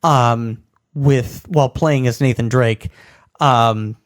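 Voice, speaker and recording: This man co-hosts a laid-back video game podcast, speaking slowly in a mid-range voice. He retells funny scenes from games with lots of energy and laughs as he goes.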